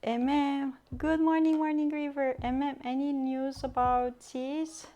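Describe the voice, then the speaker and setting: A woman's voice: high voice, flat delivery, a little slow. A woman hosting a live stream from her home kitchen, chatting and giggling as she answers viewer comments. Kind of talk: live-stream baking chat. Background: soft background music.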